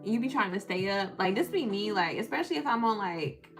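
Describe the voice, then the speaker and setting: Chatty Southern woman, gravelly edge. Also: medium pitch, animated, brisk, soft background music. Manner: chatty, laughs often, reads chat aloud. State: tired. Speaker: live stream host. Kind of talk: casual live-stream chat.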